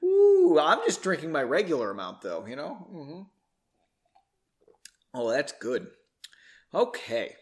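A man's voice: medium pitch, sing-song, a little slow, long pauses, fairly bright tone. A man hosting a podcast, casually reading a story aloud and breaking off for joking, self-deprecating asides.

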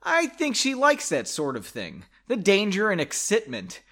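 A man's voice: high-pitched, huge pitch swings, normal speed, bright, forceful tone, voice pushed up, full character voice. A man reading the lines of a loyal, easygoing young man in his own novel.

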